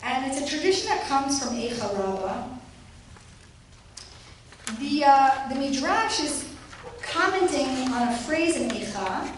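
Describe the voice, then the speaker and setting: A woman giving a lecture in a lively way, acting out quoted voices as she teaches. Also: measured pace, pauses often. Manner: lively, acts out quoted voices with rising pitch. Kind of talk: academic lecture. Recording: roomy echo, distant mic, faint noise.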